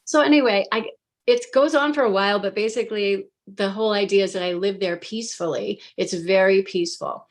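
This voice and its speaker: Animated woman retelling a story. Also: mid-range voice, a little fast. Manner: animated, filler-heavy retelling with acted quotes of herself. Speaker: hypnosis practitioner recounting her own session. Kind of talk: casual storytelling on a live panel.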